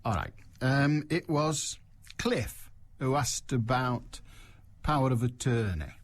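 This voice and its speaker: A man hosting a radio call-in show, with a slightly husky voice that rises and falls freely. He drifts into wry, self-mocking asides before reading material out in a steadier tone. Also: medium pitch, lively intonation, slow. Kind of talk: casual radio chat and reading aloud.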